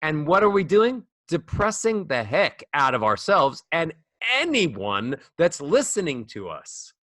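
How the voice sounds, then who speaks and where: A man teaching as a voice coach guest on a podcast, animated and demonstrating rising and falling speech melodies. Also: on the high side, measured pace, no echo, clean studio sound. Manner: demonstrates speech melodies with sung-up acted examples. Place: studio.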